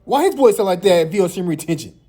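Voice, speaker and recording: A man with a small, high voice hosting a reaction video, teasing and laughing as he comments. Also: lively intonation, rapid-fire, mellow. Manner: high light voice.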